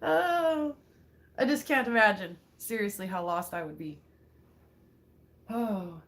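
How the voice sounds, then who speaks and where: A woman's voice: fairly high pitch, lively intonation, drawn-out words, long pauses. A woman from Montana hosting a casual chat with her viewers, laughing a lot and saying "like" and "seriously" often. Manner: chatty, says "like" and "seriously" a lot. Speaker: rockhound channel host.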